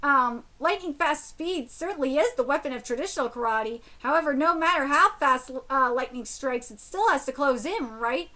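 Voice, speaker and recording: A woman streaming a live reaction to a manga, reading panels aloud and yelling at dramatic moments. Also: sits high, moderate pace, hardly any pauses. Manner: excitable, yells at dramatic panels.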